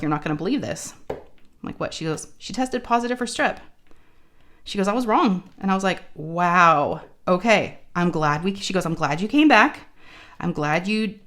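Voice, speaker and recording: Host: chatty woman, lowish voice, sore throat, acts out dialogue. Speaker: crafting channel host. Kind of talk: casual chat storytelling.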